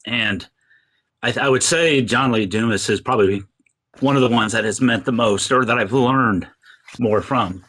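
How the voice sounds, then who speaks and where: A man's voice: mid-range voice, normal speed, pushed and bright. A man as a podcast guest, talking earnestly and rambling with many fillers. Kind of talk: casual interview talk.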